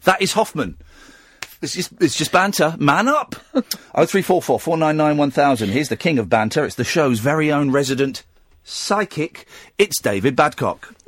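A man's voice: on the high side, lively intonation, moderate pace, a bit bright, no echo. A man hosting a radio show, bantering casually and teasing with incredulous outbursts.

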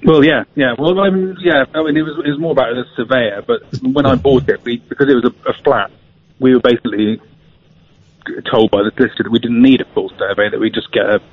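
A man calling a radio show on a tablet headset, talking hesitantly with many pauses. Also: medium pitch, steady tone, husky. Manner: hesitant, many ums, earnest. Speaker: caller. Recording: dull lo-fi phone-in audio.

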